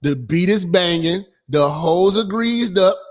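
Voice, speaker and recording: A man hosting a call-in radio show, ranting loudly and crudely, rambling, swearing and often breaking into laughter. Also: sits high, lively intonation, unhurried.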